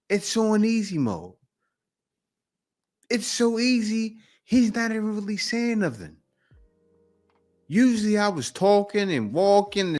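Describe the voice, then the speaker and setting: Animated blunt man reacting. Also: high voice. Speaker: reaction video host. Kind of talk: casual commentary.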